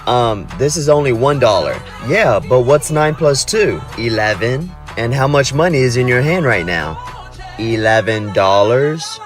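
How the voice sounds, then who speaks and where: Lively man in a comedy skit. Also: mid-range voice, a little slow. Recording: with faint music behind.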